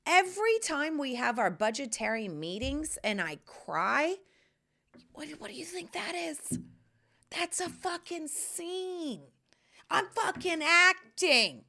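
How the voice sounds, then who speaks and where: An American woman hosting a podcast, talking in a casual, profane monologue that swings from hushed asides to loud exclamations. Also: high-pitched, very animated, slow, creaky. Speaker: podcast host.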